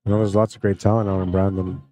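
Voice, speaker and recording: A man commentating a live pool tournament stream in a relaxed, friendly way, reading out chat comments between shots. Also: deep voice, quick pace. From Canada.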